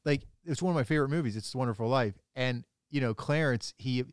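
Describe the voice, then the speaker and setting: Smooth-voiced priest chatting. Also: male voice, medium pitch, quick pace, no echo, studio quality. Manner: rambling, restarts sentences often. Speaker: priest, podcast co-host. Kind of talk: casual chat.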